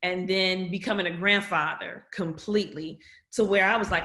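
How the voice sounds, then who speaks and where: Bright-voiced woman, candid and emotional. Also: fairly low pitch, steady tone, normal speed, roomy sound. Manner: candid, emotional, quotes others in her own voice. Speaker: podcast guest. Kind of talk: personal storytelling in conversation.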